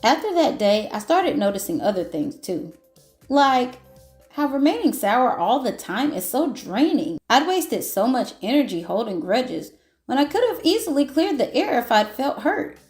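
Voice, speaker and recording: A woman reading aloud as a once-grumpy grape who has learned to forgive, in a gentle, reflective storybook manner. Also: fairly high pitch, very animated, normal speed, echoey room, faint music behind. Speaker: children's book reader. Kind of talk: picture book read-aloud.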